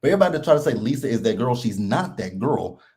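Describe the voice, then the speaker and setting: Animated, blunt man recapping live. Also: mid-range voice, fast talker. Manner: blunt, animated and laughing often. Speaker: host of a live reality TV recap stream. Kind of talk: casual live commentary.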